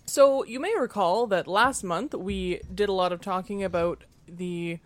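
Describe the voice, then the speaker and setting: A woman's voice: medium pitch, unhurried, noisy background. A woman hosting a casual panel chat, chatty and self-mocking, with frequent filler words. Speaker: podcast host.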